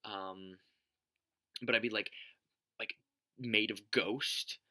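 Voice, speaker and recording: Young male vlogger, low voice, bright and punchy edge, rambling profane joker. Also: fairly even intonation, slow pace. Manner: rambling, joking and swearing a lot. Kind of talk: casual question-tag vlog.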